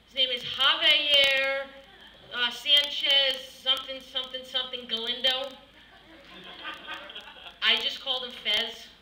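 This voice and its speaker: New lady doing standup, high voice, punchy crowd work, echoey far-off room w/ noise. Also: little pitch movement, a little slow, long pauses. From Massachusetts. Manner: brash, crowd-working, punchy delivery. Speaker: stand-up comedian. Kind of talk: stand-up comedy set. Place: comedy club stage. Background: club audience.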